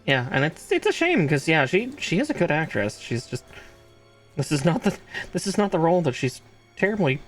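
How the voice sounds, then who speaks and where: A man chatting casually as a co-host on a stream, agreeable and quick to laugh. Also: on the high side, big pitch swings, soft background music. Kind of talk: casual chat.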